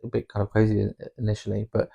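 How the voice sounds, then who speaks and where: Brief: man, low gravelly voice, gushing podcast co-host. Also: monotone, fast talker, warm tone, dull audio. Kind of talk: casual chat.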